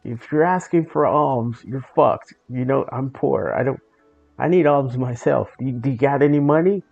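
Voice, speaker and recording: A man tells a gaming story in a blunt, sarcastic way, swearing freely and restarting his sentences. His voice is dark, husky and a little gravelly. The recording sounds dull and lo-fi, with faint music behind him. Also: mid-range voice, moderate pace. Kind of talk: casual profane storytelling.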